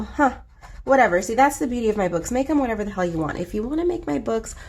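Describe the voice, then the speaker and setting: A congested woman, a coloring book artist, hosts a coloring video, chatting casually while she colors in a playful, rambling way with plenty of swearing. Her voice is medium-pitched and darkish.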